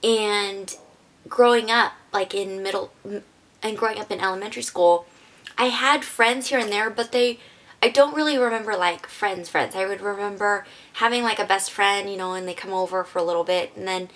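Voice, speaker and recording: Female vlogger, earnest and emotional, casual rambling delivery with lots of "like", mid pitch. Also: steady tone, normal speed, fairly bright tone. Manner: casual, rambling, heavy use of "like". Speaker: beauty vlogger. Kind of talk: personal storytelling vlog.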